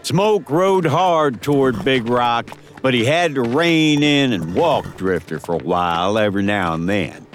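A man narrating a western audiobook in a dramatic, expressive storytelling manner. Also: medium pitch, unhurried, few pauses, soft background music.

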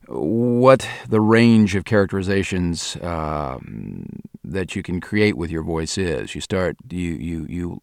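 Deep-voiced man giving halting interview answers. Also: no room sound, studio quality. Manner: hesitant, thinking aloud with many restarts. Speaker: audio drama director and voice actor.

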